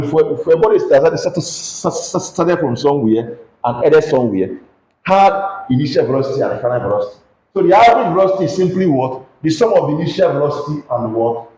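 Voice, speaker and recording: Nigerian man teaching physics, lively. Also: on the high side, reverberant, low-quality recording. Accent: Nigerian English. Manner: questioning, coaxing students to answer aloud. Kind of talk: classroom lesson with call-and-response questions.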